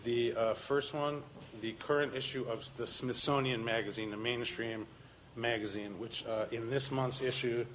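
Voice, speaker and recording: A man's voice: mid-range voice, fairly even intonation, moderate pace, a bit bright, slight background noise, rough recording. A man giving public testimony at a hearing, talking insistently with frequent "uh" fillers. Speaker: public commenter.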